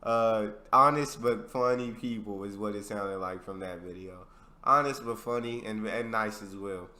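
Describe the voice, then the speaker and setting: A man hosting a reaction video, making brief, relaxed remarks in a casual way. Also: fairly low pitch, moderate pace, reverberant.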